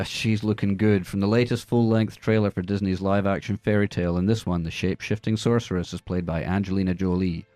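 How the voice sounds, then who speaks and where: A man hosting a radio movie show, reading the news with sarcastic, deadpan jokes. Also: on the low side, dry recording. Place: radio studio.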